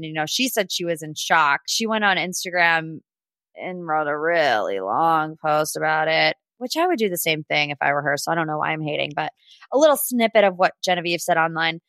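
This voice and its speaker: A woman's voice: fairly low pitch, a bit bright, no room sound. A woman hosting a casual reality TV recap, sassy and gossipy, chatty and full of "like". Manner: sassy and gossipy, talks straight to people she discusses; chatty, with frequent "like" and laughs. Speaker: podcast host.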